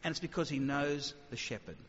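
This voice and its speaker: Brief: man preaching to a live audience, animated and conversational, a fairly high voice, muffled hall recording with a long reverb tail. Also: brisk, a little hiss or hum. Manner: animated, conversational, sudden acted asides. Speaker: speaker. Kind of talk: evangelistic talk with questions.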